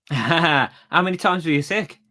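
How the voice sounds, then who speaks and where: A man's voice: fairly high pitch, slow pace, sharp tone. A man co-hosting a running podcast, asking questions and cheering others on in a casual chat. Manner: supportive, asks questions, laughs along. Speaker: podcast co-host.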